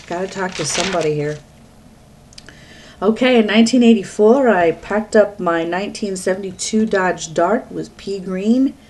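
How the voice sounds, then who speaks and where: A middle-aged Pennsylvania woman, an East Coast vlogger, talks casually to her webcam by herself at home, chatty and rambling and frequently stopping mid-sentence. Her mid-range voice is a little mellow and moves at a normal speed. There's slight hiss or hum in the background.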